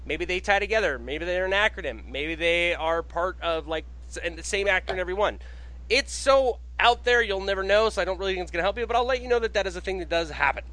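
A man hosting a casual podcast, excitable and quick with his banter, swearing freely. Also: high voice, low-quality recording. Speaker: podcast host.

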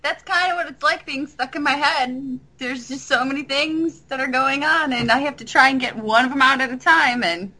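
A woman co-hosts a comedy podcast, chatting casually and making fun of herself. Her voice is bright and sits fairly high. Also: normal speed, hardly any pauses, rough recording. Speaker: podcast co-host.

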